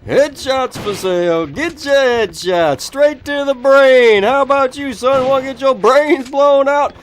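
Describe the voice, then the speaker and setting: A man voicing a pushy huckster hawking headshots with a slow, drawn-out sales pitch. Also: a little hiss or hum.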